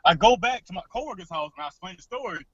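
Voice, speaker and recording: Man, podcast co-host, casual storytelling, profane, bouncy lively pitch, somewhat high voice. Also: fast talker, slightly rough, dry recording. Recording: dull lo-fi podcast recording.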